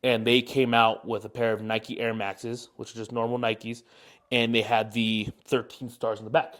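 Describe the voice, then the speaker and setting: A man's voice: medium pitch, level tone, normal speed, a bit bright. A young man in his twenties, co-hosting a podcast and telling a long rambling story with lots of fillers. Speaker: podcast co-host. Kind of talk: casual chat, storytelling.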